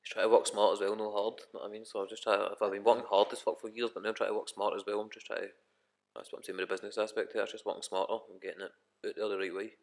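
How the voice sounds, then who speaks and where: A man's voice: fairly low pitch, flat delivery, rapid-fire, a little mellow. A young Scottish man, a rapper guest, chatting casually on a podcast, swearing a lot and rambling with many restarts. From Scotland.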